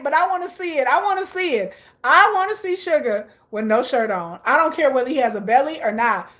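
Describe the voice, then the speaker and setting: A woman's voice: sits high, animated, a little fast, a bit bright. A woman vlogger chatting casually, gushing and laughing often while reacting aloud to viewer comments. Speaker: K-pop vlogger. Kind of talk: casual chat.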